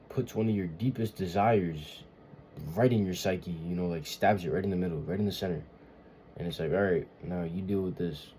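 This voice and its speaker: A man's voice: low-pitched, warm tone, a little hiss or hum. A man talking in a casual confessional monologue, rambling and emotional, often swearing and searching for words. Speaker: vlogger.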